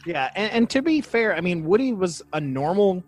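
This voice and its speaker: A man's voice: high voice, very animated, moderate pace, soft background music. A man co-hosting a casual podcast, joking and reading quotes aloud from sources. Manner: jokey, reads quotes aloud. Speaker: podcast co-host. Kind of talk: casual chat.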